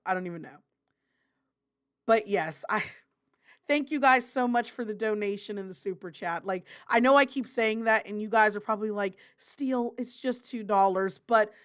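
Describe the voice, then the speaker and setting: A woman hosting a casual live stream, reading out viewer chat in a chatty, rambling way, often apologizing and breaking into loud, excited bursts. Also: medium pitch. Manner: apologetic and rambling, with many fillers.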